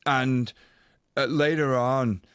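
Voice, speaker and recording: A man's voice: medium pitch, steady tone, slow pace, fairly bright tone, clear, resonant tone, no echo, studio quality. A man co-hosting a podcast, telling a rambling anecdote in casual chat. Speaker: podcast co-host.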